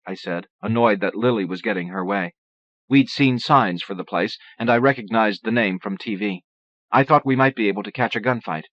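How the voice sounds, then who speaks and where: A man narrating an audiobook in a steady, measured reading voice. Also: lowish voice, no room sound. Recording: dull lo-fi cassette audio.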